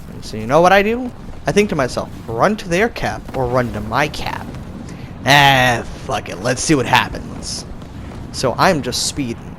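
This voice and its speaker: A young man giving casual gameplay commentary, telling the match as an excitable story with sudden jumps in pitch. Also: background noise. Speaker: gaming YouTuber.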